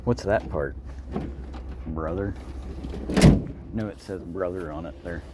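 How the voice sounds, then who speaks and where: At night, a low-voiced man in no hurry picks through curbside trash, sometimes out of breath, rambling and cracking jokes as he mocks the voices of his viewers. He's a scrap picker vlogger making a rambling, casual vlog outdoors at the curb and inside a vehicle. The night recording is noisy.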